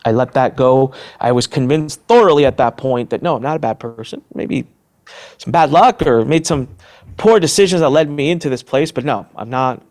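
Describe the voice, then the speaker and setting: A middle-aged man, a podcast guest, telling a personal story in a lively way and acting out the voices of the people in it. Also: medium pitch, moderate pace. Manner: animated, acts out voices in his story. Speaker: interview guest, entrepreneur.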